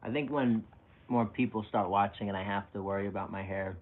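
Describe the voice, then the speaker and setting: A man's voice: on the low side, fairly even intonation, brisk. A young man streaming live, rambling casually and self-mockingly while reacting to chat comments, often chuckling. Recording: tinny phone-like audio with faint hiss.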